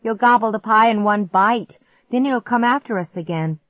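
A woman's voice: on the high side, normal speed, no room sound, dull audio, pitched above the performer's own voice, natural voice. A woman voicing a nervous young boy who whines and urges in a worried tone. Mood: urgent, worried. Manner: whining, urgent.

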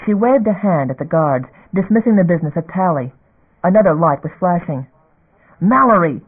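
A man reading a novel aloud in a steady, measured scripted narration. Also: high-pitched, slightly rough. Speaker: audiobook narrator. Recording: phone-like narrow band.

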